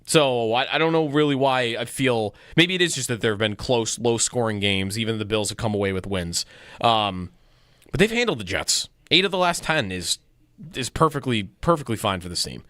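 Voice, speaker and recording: Male radio co-host, musing sports chatter, bright voice. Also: mid-range voice, expressive, normal speed, dry recording. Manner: thinks aloud with restarts and fillers.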